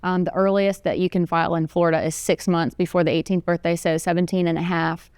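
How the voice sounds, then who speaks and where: A woman in her thirties, a lawyer being interviewed, answering in a measured, friendly way with some um fillers. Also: lowish voice, flat delivery, darkish tone, clear, resonant tone, no room sound, clean studio sound. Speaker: lawyer guest.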